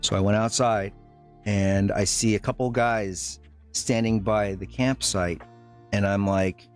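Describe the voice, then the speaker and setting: A man with a lowish voice talks casually to his live chat and tells the story in a loose, rambling way. He stops often, restarts his sentences and fills the gaps with ums and uhs. Faint music plays underneath. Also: steady tone, clean tone. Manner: rambling, halting, with many fillers and restarts. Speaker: live streamer.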